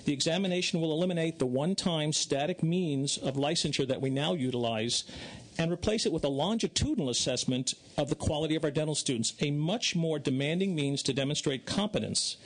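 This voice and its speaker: A man giving formal prepared testimony at a legislative hearing, measured and formal. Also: fairly high pitch. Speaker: witness testifying.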